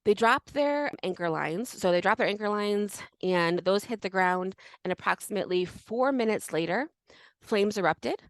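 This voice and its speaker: A young woman co-hosting a casual history podcast, telling the story with lots of fillers and restarts. Her pitch sits in the middle of the range, and the sound is dry and close. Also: normal speed, no room sound. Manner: animated, many fillers and restarts. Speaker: podcast co-host.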